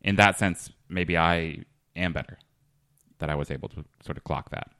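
A man's voice: low voice, normal speed, sharp tone, clear, resonant tone, no echo. A man hosting a comedy podcast, interviewing a guest in a dry, rambling, earnest-sounding way. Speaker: podcast host.

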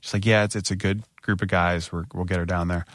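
A man's voice: low-pitched, flat delivery, fast, a bit bright, no room sound, clean studio sound. A man casually telling a story on a podcast, acting out his own anxious outbursts.

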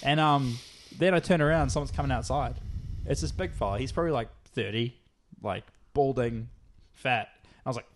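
A man's voice: medium pitch, fast, crowd noise. A young man, co-hosting a podcast and telling a story in casual, swearing chat. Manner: swearing, animated retelling with acted quotes. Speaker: podcast co-host.

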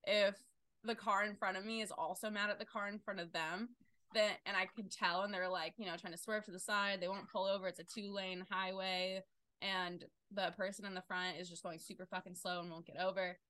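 Young female podcast co-host: bright voice, animated, swears freely, dry close mic. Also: medium pitch, brisk, no room sound. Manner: animated storytelling, swears freely, loud outbursts. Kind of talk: casual chat.

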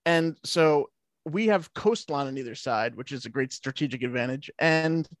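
A man's voice: mid-range voice, normal speed, no echo, studio quality. A man co-hosting a casual podcast chat, blunt and sardonic in his remarks. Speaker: podcast co-host.

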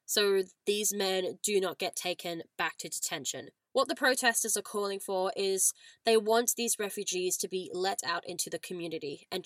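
A woman's voice: lowish voice, fairly bright tone. An Australian woman in her twenties or thirties hosts a casual podcast, talking earnestly and a little ranty. A cold has made her voice nasal, and the sound is dry and close, with no room echo. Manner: earnest, chatty, ranting. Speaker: podcast host.

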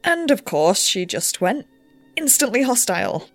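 A woman's voice: a little high, big pitch swings, measured pace, no echo, soft background music. A woman playing a nervous young researcher who bends the rules and narrates in a rambling, self-deprecating way. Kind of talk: audio drama narration.

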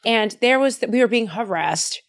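A woman's voice: fairly high pitch, moderate pace. A young woman hosting a casual podcast chat, playful and teasing, acting out her stories. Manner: animated, playful teasing, acts out quotes. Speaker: podcast host.

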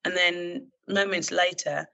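A woman who is a former police officer, telling a personal story in an earnest, halting way with many fillers and restarts. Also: on the low side, fairly even intonation, gravelly, pushed and bright, dull audio. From London, England.

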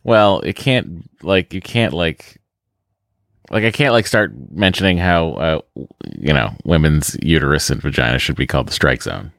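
A man's voice: extremely low pitch, animated, normal speed, vocal fry, fairly bright tone, no room sound, clean studio sound. A man from the Boston area co-hosting a podcast in casual, rambling, self-mocking chat. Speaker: podcast co-host.

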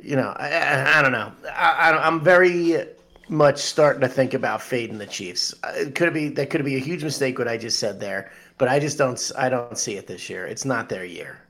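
Excitable ranting man, sports banter. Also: mid-range voice, normal speed. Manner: ranting, swears freely, excitable. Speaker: podcast co-host. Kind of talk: casual sports chat.

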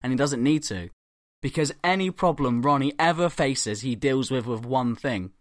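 A young podcast host spins a comic story with lively energy, swearing freely and jumping into voices for the people in it. His voice sits mid-range and the recording is dry and close. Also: medium pitch, moderate pace, no room sound. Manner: animated, swearing, acting out quotes.

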